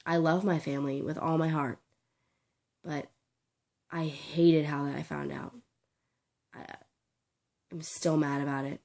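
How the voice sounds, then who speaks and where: A young woman with a sore throat talking in a personal vlog, halting, tearful and full of restarts. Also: deep voice, steady tone, a little mellow. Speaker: vlogger.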